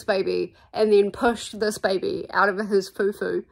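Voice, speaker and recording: A woman's voice: mid-range voice, level tone, a little slow, vocal fry, hardly any pauses. A woman with a New Zealand accent chatting casually in a book vlog from home, full of fillers and openly indignant about what she reads. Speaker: book vlogger. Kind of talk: casual reading vlog chat. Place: at home with her cat.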